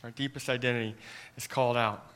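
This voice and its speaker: A man preaching a sermon in an earnest manner, often dropping to a soft hush and repeating words as he starts phrases. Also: mid-range voice, fairly even intonation, quick pace, clear, resonant tone. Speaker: pastor.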